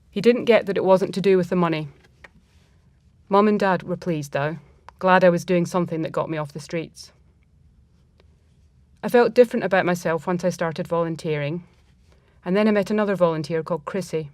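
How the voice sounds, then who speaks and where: A woman reading a first-person story aloud in a reflective, measured manner. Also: fairly low pitch, darkish tone, no echo.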